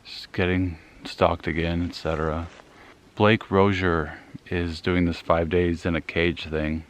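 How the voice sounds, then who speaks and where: A man's voice: low voice, flat delivery, a little slow, a little hiss or hum. Breathless young man rambling on a woods walk. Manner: rambling, self-deprecating, trailing off. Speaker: vlogger. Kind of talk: casual rambling vlog. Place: outdoors in the woods, walking.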